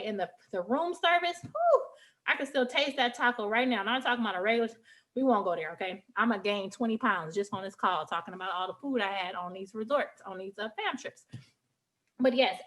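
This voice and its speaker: A woman who is a travel agent trainer, giving a lively, emphatic presentation on a training call and tagging her points with "okay?". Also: sits high.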